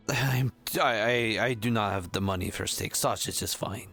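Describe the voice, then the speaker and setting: A man with a very low, gravelly voice speaks in character as a traveling swordsman in a role-play. He is polite and hesitant, stumbling over his words, and faint music plays behind him. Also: a little slow, a bit bright.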